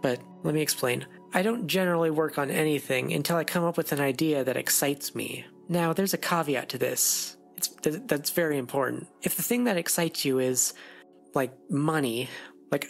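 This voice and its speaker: Gravelly, sarcastic animator giving advice. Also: medium pitch, normal speed, soft background music. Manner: sarcastic, rambling asides. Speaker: animator and video creator. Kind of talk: casual advice narration.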